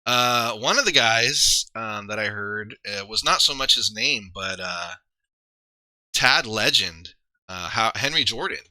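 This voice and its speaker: A man's voice: fairly low pitch, lively intonation, unhurried, bright, forceful tone, no room sound. A man chatting casually on a livestream, rambling and thinking aloud with many fillers and restarts. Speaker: streamer and league player.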